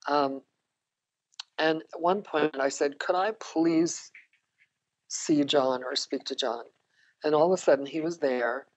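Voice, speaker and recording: A woman's voice: low voice, a little slow, pauses often, darkish tone, highs cut off. An older woman, a guest on a podcast, telling reflective personal stories and laughing often. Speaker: interview guest, psychotherapist. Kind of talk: conversational storytelling.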